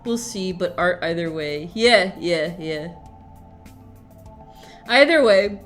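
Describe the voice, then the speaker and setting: Woman streamer just chatting, slow and loose, gets squealy and giggly, faint music in the back. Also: fairly low pitch. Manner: excitable, laughs often, swings between mumbling and squealing. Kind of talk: casual livestream chat.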